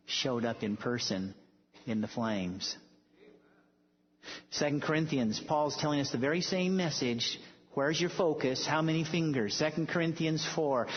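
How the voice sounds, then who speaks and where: A man's voice: mid-range voice, a little slow, breathy edge. A male preacher giving a sermon, telling stories emphatically and building to bold declarations. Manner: emphatic storytelling, rising to declarations. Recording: echoey hall, dull lo-fi sound.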